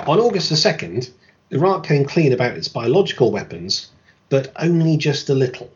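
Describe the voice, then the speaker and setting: A man delivers scripted history narration in a lively, swooping voice, peppering it with dry, sarcastic remarks. The recording sounds muffled and lo-fi. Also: mid-range voice, moderate pace. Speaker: podcast host.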